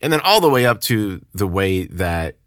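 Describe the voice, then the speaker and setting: A man's voice: fairly low pitch, very animated, moderate pace, a bit bright, no echo, clean studio sound. A man co-hosting a podcast in casual, emphatic conversation, often restarting his phrases. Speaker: podcast co-host. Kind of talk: casual chat.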